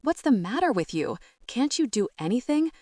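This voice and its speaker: A woman's voice: on the high side, sing-song, normal speed, dry recording, studio quality, pitched above the performer's own voice. A woman reading an audiobook, voicing a frustrated young man who scolds his father sharply. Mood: exasperated. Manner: sharp and exasperated, then gentle.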